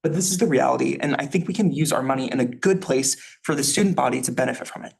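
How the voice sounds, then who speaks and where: A man's voice: medium pitch, fast talker, vocal fry. A tired young male student senator making an urgent, emotional, apologetic speech at a meeting. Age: young adult.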